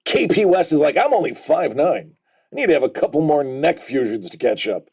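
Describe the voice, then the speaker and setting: A man's voice: on the high side, sing-song, a little fast, a little mellow, slightly rough. A man in his forties hosting a casual livestream, reading viewer comments aloud and joking about them. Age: 40s.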